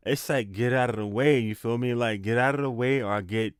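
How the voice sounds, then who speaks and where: A man's voice: medium pitch, brisk, smooth, dry recording, clean studio sound. A man giving a spiritual tarot reading in a casual, slangy, encouraging way, repeating himself for emphasis. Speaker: tarot reader.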